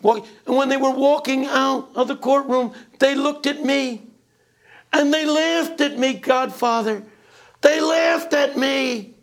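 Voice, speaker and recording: A man voicing a desperate immigrant father pleading with a mob boss for justice, his voice rising to a shout. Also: very high-pitched, slow, voice pushed up, heavily acted.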